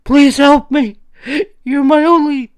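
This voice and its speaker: Shrill panicked woman begging for help, a guy putting her on, loud and high. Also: little pitch movement, slow pace. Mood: frantic pleading. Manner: shrill, frantic pleading. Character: terrified woman begging on phone.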